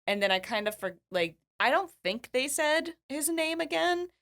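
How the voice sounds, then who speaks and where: Bright-voiced chatty woman co-host. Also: sits high, normal speed. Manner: chatty, animated, explains at length. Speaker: podcast co-host. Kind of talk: casual chat.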